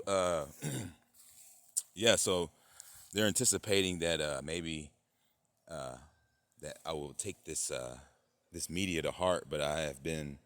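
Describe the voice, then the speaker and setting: A man hosting his own channel, talking in a rambling monologue full of fillers and sudden outbursts. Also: no room sound. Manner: rambling, many fillers, bursts into loud high-pitched mock voices. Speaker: channel host.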